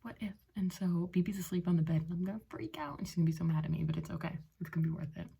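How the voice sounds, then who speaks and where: Late 20s woman vlogging at home, low-ish voice w/ lots of fry, rambly and excited, says like a lot. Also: very fast, highs cut off. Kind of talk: casual personal vlog. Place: at home in a bedroom.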